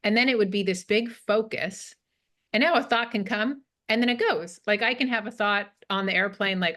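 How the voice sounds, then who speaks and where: Woman podcast host, casual chat; lively, affirming, acts out quoted thoughts; mid pitch. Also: fairly quick.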